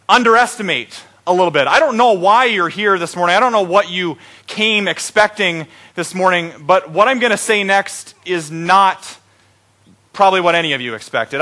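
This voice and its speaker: A man's voice: high-pitched, bright, forceful tone. A middle-aged man preaching an Easter sermon as pastor, joking and playful with his congregation.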